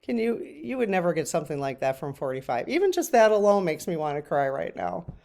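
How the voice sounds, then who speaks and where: Middle-aged woman, low voice, casual tearful vlog chat. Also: sing-song, brisk, darkish tone. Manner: tearful, breaks off to cry. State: crying at times. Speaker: channel host.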